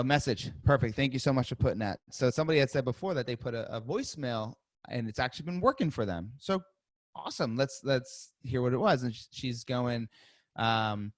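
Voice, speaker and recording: A man hosting a live sales-coaching webinar. He talks in a lively, chatty way, laughs often and acts out sample phone calls and voicemails. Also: medium pitch, no room sound, studio quality.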